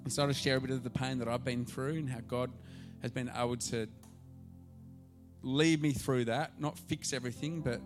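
A man preaching a sermon as pastor, telling a story and swinging from hushed asides to loud, excited calls. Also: mid-range voice, normal speed, faint music behind.

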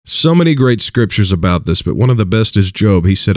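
A man's voice: on the low side, quick pace, hardly any pauses, darkish tone, no echo, clean studio sound, soft background music. A man preaching dating advice in a casual talk, emphatic and repetitive, chuckling between points.

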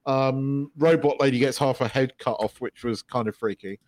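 A man's voice: mid-range voice, moderate pace, a little mellow, no echo. A man co-hosting a podcast, chatting casually and rambling with lots of restarts and swearing. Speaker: podcast co-host. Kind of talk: casual chat.

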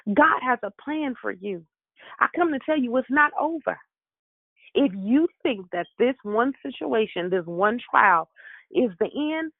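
A woman's voice: fairly high pitch, creaky, no echo. Fervent woman preaching over a phone line. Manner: fervent, repetitive exhortation. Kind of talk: devotional sermon. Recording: tinny dry phone line.

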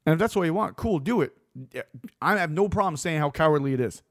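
A man delivering a blunt, opinionated monologue as a host, swearing freely and getting animated. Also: a little high, quick pace, no room sound, clean studio sound.

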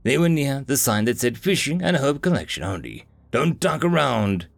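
A man narrating a fantasy novel as an audiobook, in an expressive storytelling reading. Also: mid-range voice, a little fast.

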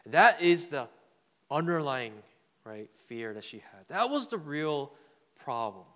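A fairly high-pitched, slightly bright voice swings widely in pitch as this man speaks slowly through a sermon with a personal story. He keeps his tone loose and conversational, repeating words and asking the crowd "right?". Long reverb from the hall colors the recording.

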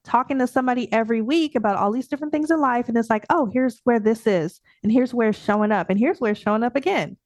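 Lively, laughing woman coach, high voice. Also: fast talker, few pauses, dry recording, studio quality. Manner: animated, laughing often, acting out her own thoughts in a high voice. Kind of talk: casual podcast interview.

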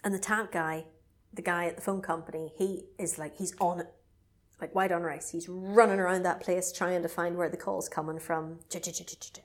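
A woman recapping a film in casual chat, animated, often acting out characters' lines in silly voices. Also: lowish voice, normal speed. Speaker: podcast co-host recapping a film.

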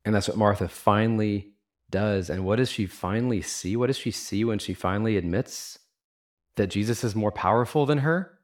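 Low-voiced man preaching earnestly. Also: moderate pace. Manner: earnest, conversational preaching with rhetorical questions; casual fillers like "like" and "y'all". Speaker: pastor. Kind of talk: sermon.

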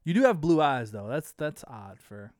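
A man's voice: medium pitch, sing-song, moderate pace, a little mellow, no echo, clean studio sound. A man hosting a podcast, teasing his co-host in a laid-back, casual chat with some swearing. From United States.

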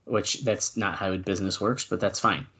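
A man's voice: low-pitched, fairly bright tone. Man reading wrestling news with asides. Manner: reads out news notes with quick asides. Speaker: podcast co-host. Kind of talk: casual podcast chat.

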